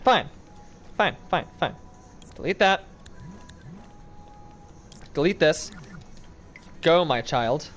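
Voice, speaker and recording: A man's voice: on the high side, animated, extremely slow, pauses often, fairly bright tone. A young man giving casual gameplay commentary, pleading with and scolding an in-game character that won't go the right way. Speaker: gaming video creator.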